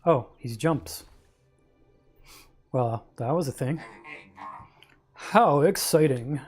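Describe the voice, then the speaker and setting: A man giving relaxed, jokey commentary while he plays through a game on stream. His delivery is slow and unhurried, and faint music plays in the background. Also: fairly high pitch. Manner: jokey, playful, reacts aloud to the game. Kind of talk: casual gameplay commentary.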